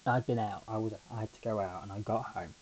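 A man's voice: lowish voice, steady tone, fast, darkish tone, slight background noise, poor audio. A man hosting a podcast on his own, telling a rambling, chatty story full of asides. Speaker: podcast host. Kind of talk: casual solo podcast chat.

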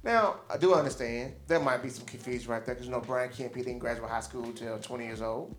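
A man's voice: medium pitch, a little fast, soft background music. A man co-hosting a podcast, joking and sarcastic as he tells a story. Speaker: podcast co-host. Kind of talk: casual opinionated chat. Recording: echoey room.

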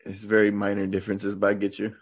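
A man in casual chat, with teasing, quick retorts. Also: on the low side, monotone.

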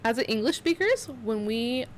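Lively, high-voiced giggly woman. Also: normal speed, slight background noise. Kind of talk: casual chat.

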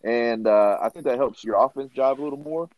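A man on a sports talk panel, calmly breaking down plays and citing stats. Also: medium pitch, a little fast, no echo, poor audio. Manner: analytical, stat-citing. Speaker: podcast panelist.

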